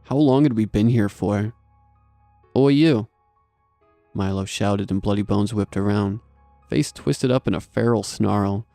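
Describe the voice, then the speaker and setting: Low gravelly guy reading horror stories, dark mellow voice, faint music behind. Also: dry recording. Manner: steady, measured storytelling. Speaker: horror story narrator. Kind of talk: scripted horror narration.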